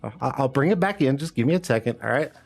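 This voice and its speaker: A man's voice: medium pitch, expressive, fast, gravelly. A man hosting a casual live stream, rambling and hyping up his chat with lots of "uh"s and laughs. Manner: loose, rambling, hype talk with frequent "uh" and laughs. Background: faint background music.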